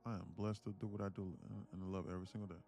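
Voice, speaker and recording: A man's voice: sits low, flat delivery, racing, warm tone, soft background music. A man hosting a casual live stream, talking reflectively and directly to his viewers. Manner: reflective, talks straight to his chat. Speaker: live-streaming day trader host.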